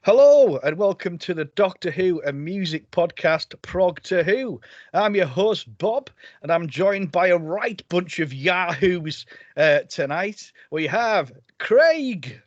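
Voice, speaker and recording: Joking male podcast host, high voice. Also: lively intonation, takes it slowly, no room sound. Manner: jokey, teasing banter. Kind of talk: casual podcast chat. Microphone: video call. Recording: dull dry video-call audio.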